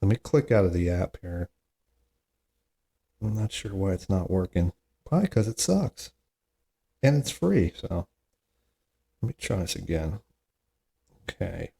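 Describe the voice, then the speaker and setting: A man's voice: low-pitched, animated, unhurried, vocal fry, pauses often, dark tone, breathy edge. A man hosting a solo comedy podcast, reading corny jokes aloud with chatty, self-mocking asides and groans at how bad they are. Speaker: podcast host.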